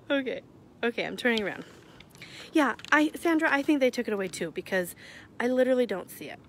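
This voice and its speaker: A woman's voice: a little high, lively intonation, normal speed, long pauses, fairly bright tone, a little hiss or hum. A young woman hosting a casual live stream, chatty and giggly, laughing at herself while walking outside her house. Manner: chatty, giggly, self-deprecating. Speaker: livestream host announcing charity winners. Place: outdoors near her house at night, walking around. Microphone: phone held at arm's length.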